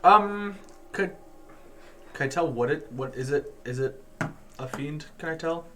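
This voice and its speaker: A man playing in a tabletop game, halting as he thinks aloud through his character's actions, with faint noise behind him. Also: fairly high pitch, expressive, a bit bright. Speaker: player.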